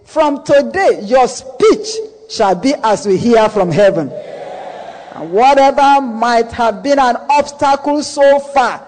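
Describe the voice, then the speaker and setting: A male preacher delivers a sermon in a strikingly high voice. He speaks slowly and deliberately, leaning on each phrase and repeating the key ones for emphasis. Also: expressive, a little mellow, slight background noise, low-quality recording.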